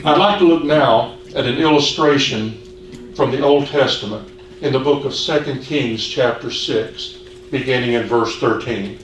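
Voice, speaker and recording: A man preaching a sermon in an earnest, measured way, asking the congregation questions. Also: medium pitch. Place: church hall. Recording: echoey hall, distant mic, faint hiss.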